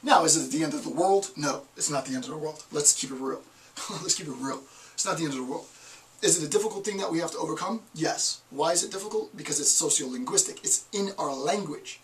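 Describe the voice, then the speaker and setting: A man delivers an online lecture with a somewhat high voice. He poses rhetorical questions and answers them with emphasis. He sits a little away from the microphone. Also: fast, far from the mic, slight background noise, rough recording. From United States.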